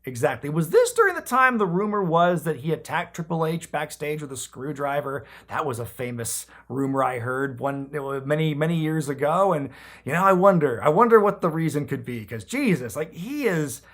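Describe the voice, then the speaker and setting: A man's voice: a little high, moderate pace. A man casually recapping an old wrestling episode as a podcast host, joking, swearing now and then and acting out quoted lines. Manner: animated, jokey, swears casually, acts out quotes.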